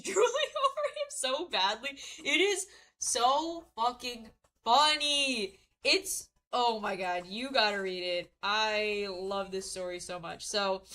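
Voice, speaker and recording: A woman's voice: fairly high pitch, sharp tone, low-quality recording. A young woman streamer chatting while doing a craft, rambling through a story, swearing freely and laughing at her own telling. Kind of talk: casual chat while crafting.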